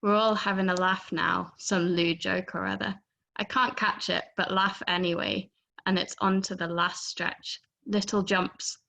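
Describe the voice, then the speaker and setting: A woman reading a poem aloud on a video call, giving the quoted lines lively voices. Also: medium pitch, measured pace, gravelly. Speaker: poetry reader.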